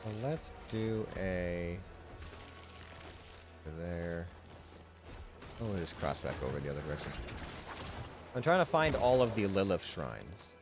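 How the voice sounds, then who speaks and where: A man's voice: sits low, very animated, measured pace, pauses often, music in the background. A man streaming a hardcore game run, rambling casually with fillers and restarts as he thinks aloud. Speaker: gaming streamer. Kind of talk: casual gameplay commentary.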